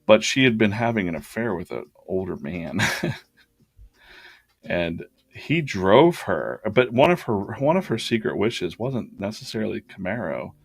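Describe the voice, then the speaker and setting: A man's voice: fairly low pitch, a little slow, creaky, breathy edge, no room sound. A man hosting a drawing challenge, casually telling a rambling personal story and acting out the dialogue. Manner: rambling, animated retelling with quoted dialogue.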